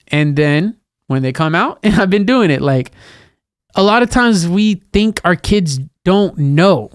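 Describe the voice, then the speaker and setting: Hombre conversador y animado, voz nítida. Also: male voice, high voice, measured pace, clear, resonant tone, no echo, studio quality. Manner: animated, acts out scolding a child in a raised voice. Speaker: podcast co-host. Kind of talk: casual chat.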